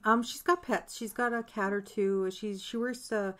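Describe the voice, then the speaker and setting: A woman's voice: mid-range voice, steady tone, moderate pace, a bit bright. A woman co-hosting a podcast, chatting casually, swearing lightly and joking along. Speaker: podcast co-host. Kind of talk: casual chat.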